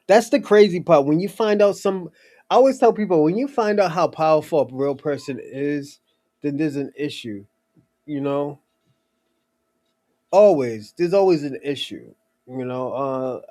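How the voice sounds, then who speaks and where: Laughing, rambling man with a higher voice. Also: warm tone. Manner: laughs often, stumbles and restarts, swears. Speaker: filmmaker talking about his movie. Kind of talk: rambling casual monologue.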